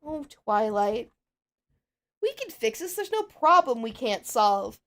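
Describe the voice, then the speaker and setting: A woman's voice: a little high, big pitch swings, slow pace, fairly bright tone, heavily acted. A woman voicing Pinkie Pie, a bubbly, upbeat female party pony, in a cheery sing-song voice while role-playing a game.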